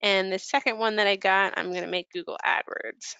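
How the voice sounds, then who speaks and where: A woman giving a casual software training walkthrough, filling her pauses with ums while she clicks through settings. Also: mid-range voice, steady tone, creaky, clean tone. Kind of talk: screen-share product walkthrough.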